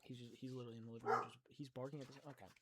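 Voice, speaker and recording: A man reading a novel aloud in a relaxed way, with chatty asides and occasional slips, recorded at home. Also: medium pitch, very fast, very noisy. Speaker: reader of a novel. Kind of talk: casual audiobook read-aloud.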